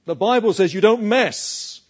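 A male preacher giving an emphatic sermon, swinging from loud declarations to hushed asides. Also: high voice, animated, a little slow, highs cut off.

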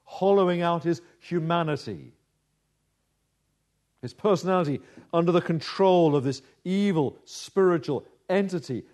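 Dramatic, slow-building male preacher. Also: a little high, darkish tone. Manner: dramatic, measured delivery with slowed emphasis. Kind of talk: sermon.

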